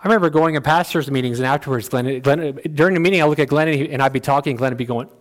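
A male pastor delivering a sermon in a plain-spoken, folksy way, swinging between loud, high exhortation and quiet, low asides. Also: very fast, hardly any pauses.

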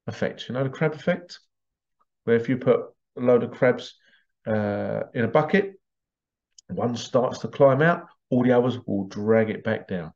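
A man hosting a show, giving a monologue with animated storytelling and rhetorical questions. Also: medium pitch, normal speed, highs cut off. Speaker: host. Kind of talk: monologue commentary.

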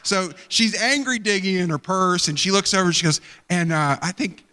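Man, pastor, sermon, a bit high-pitched, long hall echo, loose storytelling. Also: moderate pace, pushed and bright, smooth. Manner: rambling, conversational, acts out quoted people. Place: church sanctuary.

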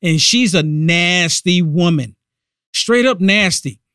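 A man's voice: sits high, lively intonation, slow, sharp tone, clear, resonant tone, no echo, studio quality. A man hosting a political podcast, giving indignant, emphatic commentary. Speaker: podcast host.

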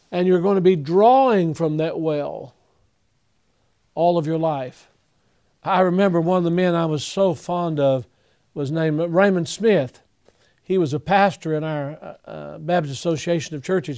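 An older pastor with a drawl speaks to young preachers in an earnest, folksy way. His voice sits a little high for a man, and he pauses with fillers as he gathers his thoughts. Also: mellow.

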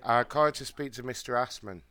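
A man's voice: medium pitch, fairly quick, bright, forceful tone, clean tone, no room sound. A man hosting a show, making teasing prank phone calls and swearing crudely. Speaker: prank caller host.

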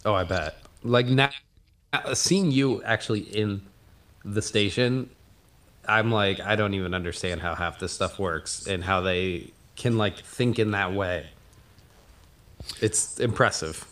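A man, a guest, chatting casually and soft-spoken, still in his just-woken morning voice. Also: fairly low pitch, measured pace. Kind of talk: casual chat.

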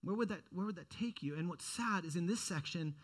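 A young adult man preaching a sermon in an earnest way, often restarting phrases and swinging from quiet to loud. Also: high voice, a little fast. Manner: earnest, repeats words and restarts phrases, dynamic rises and drops in loudness. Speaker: pastor.

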